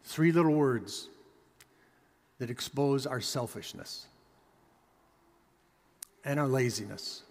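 A man's voice: mid-range voice, expressive, takes it slowly, gravelly, long pauses, long reverb tail. A pastor delivering a sermon with emphatic preaching, his voice rising and dropping for effect.

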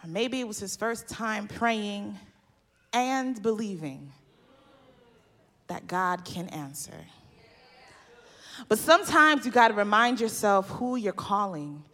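A woman preaching a sermon, building to impassioned, shouted refrains. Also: medium pitch, lively intonation, slow, pauses often.

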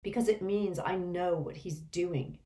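A woman's voice: fairly low pitch, measured pace, mellow, lightly acted. A woman voicing a tense, stubborn teenage boy wizard who answers defiantly.

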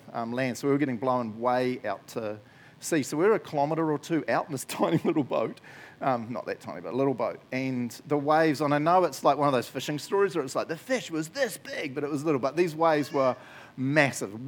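A man with a New Zealand accent preaching a sermon in church, casual and chatty, often adding "eh" and laughing easily. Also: medium pitch. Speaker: pastor.

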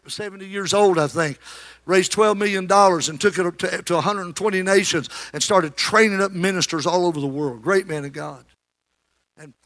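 A male preacher delivering a sermon. He swings between shouted exhortation and quiet, conversational storytelling. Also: high voice.

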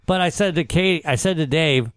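A man co-hosting a radio show, telling a funny story in an animated way and laughing as he talks. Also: on the high side, normal speed. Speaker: radio co-host. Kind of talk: casual radio chat.

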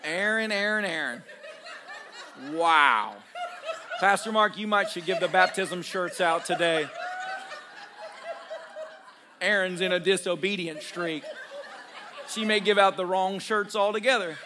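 A man with a high voice preaches as a pastor, telling stories in an unhurried, conversational sermon aimed directly at his congregation. He is humorous and self-deprecating, laughing often as he goes. Noise fills the background.

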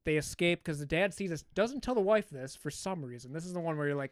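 A podcast co-host with a slightly high voice and lively intonation talks at a quick pace, casually recapping a film. His recap is rambling and profane, told like a story.

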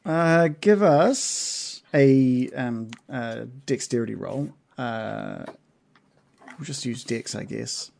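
A man's voice: medium pitch, expressive, takes it slowly, creaky, a little mellow. A man narrating as game master of a tabletop game, hesitant, with many fillers and restarts.

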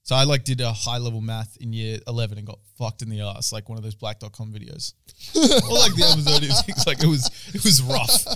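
A man's voice: mid-range voice, a little fast, no echo. A young man, chatting casually as a podcast co-host, rambling and swearing as he tells stories. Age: young adult. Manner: rambling, swears a lot, animated storyteller. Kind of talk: casual chat.

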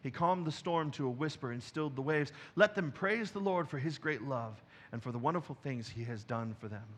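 Here the preaching pastor speaks in a mid-range voice at a brisk clip, trading quiet, close-feeling stretches for loud, insistent ones on the church stage.

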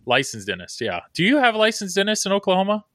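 A man's voice: high-pitched, huge pitch swings, fast talker, a bit bright, no room sound. A man hosting a podcast in casual chat, rambling and joking at his own expense. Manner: rambling, joking, self-deprecating. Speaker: podcast host.

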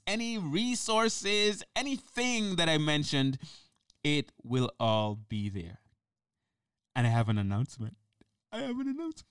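A man's voice: high voice, fairly bright tone, clean tone, no echo, clean studio sound. A man hosting his own podcast solo, enthusiastic and chatty, often laughing and tripping over repeated words. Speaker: podcast host.

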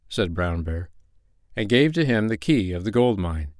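Guy reading a fairy tale out loud, expressive, nice clean dry voice. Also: fairly low pitch, moderate pace, no room sound. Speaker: narrator. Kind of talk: storybook narration.

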